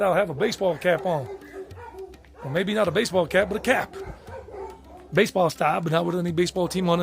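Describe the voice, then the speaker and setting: A man's voice: high voice, fast, gravelly. A middle-aged man with a Southern US accent, chatting casually about his travels in a rambling, digressive way with frequent self-corrections. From United States. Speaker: travel vlogger.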